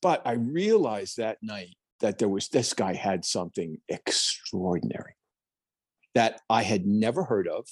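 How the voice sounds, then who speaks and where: A man's voice: lowish voice, measured pace, breathy edge, no room sound, clean studio sound. A middle-aged man from New Jersey, a painter and podcast guest, telling stories animatedly and acting out the voices of people he quotes. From New Jersey, United States. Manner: animated storyteller who acts out quoted voices. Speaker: plein air painter, guest. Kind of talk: storytelling in a podcast interview.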